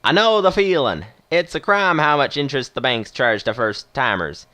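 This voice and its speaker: A man's voice: medium pitch, lively intonation, moderate pace, sharp tone. A man voicing an old retired male starship captain with a Western movie drawl, folksy and friendly.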